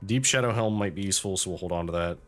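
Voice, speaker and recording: A man's voice: sits low, racing, fairly bright tone, slight background noise. A man casually commenting as he plays a video game, thinking aloud through his choices with wry asides. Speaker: let's-play host.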